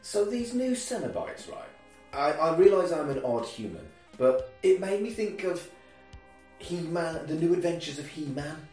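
A man's voice: on the high side, sing-song, normal speed, a little mellow, heavy reverb, recorded from a distance, faint music behind. A man chatting casually on a podcast, giving wry, opinionated takes. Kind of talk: casual chat.

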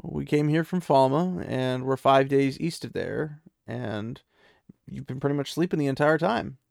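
A man's voice: medium pitch, a little slow, vocal fry, darkish tone, dry recording, studio quality. A man voicing a protective young woman in a casually retold fantasy story, speaking in a blunt, matter-of-fact way.

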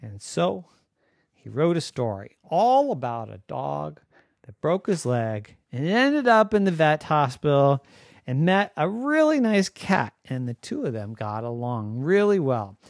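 A man tells an improvised bedtime story slowly and gently, his voice rising and falling in a lively, playful way. The sound is close and dry. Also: a little high, gravelly, no room sound.

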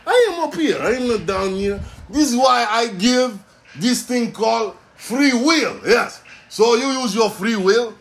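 A man's voice: very high voice, lively intonation, a little slow, vocal fry, voice pushed up, full character voice. A man in his forties voicing an impatient male God with a put-on Russian accent, speaking in clipped, broken English. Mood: exasperated. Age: 40s.

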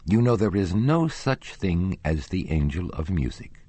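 A man's voice: low-pitched, sing-song, unhurried, warm tone, husky, dry recording, heavily acted. A man voicing a proud, secretive young woman singer in an audiobook. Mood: pleading.

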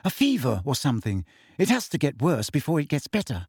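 A man reading aloud, voicing an earnest, bossy teenage girl in a raised, quick voice. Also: medium pitch, wildly swooping pitch, darkish tone, breathy edge, dry recording, studio quality, exaggerated voice. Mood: sharp, insistent.

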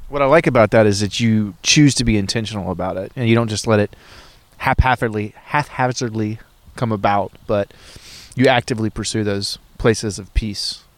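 A man in church work chatting by a cold outdoor campfire, easygoing and thoughtful, a bit halting. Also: lowish voice, no echo. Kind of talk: casual chat.

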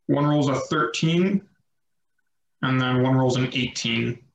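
A man narrating as game master of a tabletop game, relaxed and descriptive with light self-mockery. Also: mid-range voice, takes it slowly, gravelly, echoey room, dull audio.

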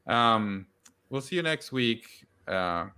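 A man's voice: medium pitch, lively intonation, takes it slowly, bright, forceful tone, clean tone. A man hosting a podcast, chatting casually about a TV show, rambling with frequent restarts. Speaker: podcast host. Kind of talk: casual chat.

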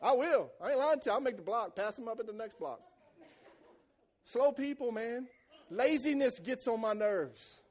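A man preaching a sermon in church, animated and calling out to the congregation for responses. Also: very high-pitched, moderate pace. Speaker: pastor.

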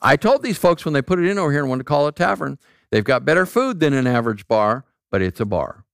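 A man preaches, his pitch rising and falling in a lively way. He talks to his listeners conversationally, tells stories and tosses out rhetorical questions. The recording is dry and close. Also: fast talker, creaky, clear, resonant tone, dry recording. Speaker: pastor. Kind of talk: sermon.

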